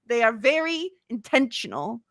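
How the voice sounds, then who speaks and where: A woman's voice: a little high, very animated, moderate pace, fairly bright tone, no room sound. A woman co-hosting a podcast in a casual chat, playful and emphatic, teasing her co-host.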